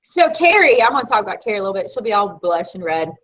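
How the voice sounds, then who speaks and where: A woman from Florida with a Southern American accent, co-hosting a casual live chat and telling stories in an animated, chatty way. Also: mid-range voice, quick pace, slight background noise. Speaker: co-host of a live video chat. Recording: dull lo-fi sound.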